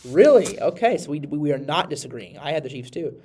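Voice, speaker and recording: Husky and fairly high-pitched, this podcast host talks football at a quick pace. His voice is congested and slightly nasal, and he rambles animatedly through the casual sports chat, restarting often.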